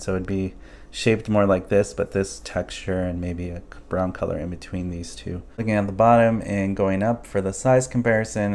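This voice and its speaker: Laid-back man reviewing toys. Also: sits low. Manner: relaxed, thinking aloud with fillers. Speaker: toy reviewer. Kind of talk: casual product review.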